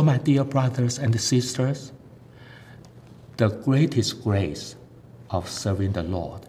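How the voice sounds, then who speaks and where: Earnest male preacher in an echoey hall. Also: warm tone. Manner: earnest, halting with frequent fillers, non-native grammar. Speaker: lay preacher giving testimony. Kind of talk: sermon testimony. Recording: echoey hall with faint rumble.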